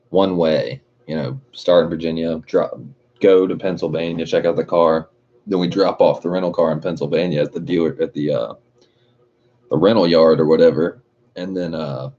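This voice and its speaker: A young man with a dark-toned bass voice hosts a livestream, rambling, swearing and laughing often as he chats casually and reads the live chat. The stream audio is dull and lo-fi.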